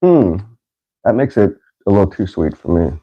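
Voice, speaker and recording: A man's voice: lowish voice, sing-song, moderate pace, breathy edge, narrow, tinny audio. A man hosting a casual podcast, doing a food taste challenge, laughing often and swearing casually. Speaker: podcast host.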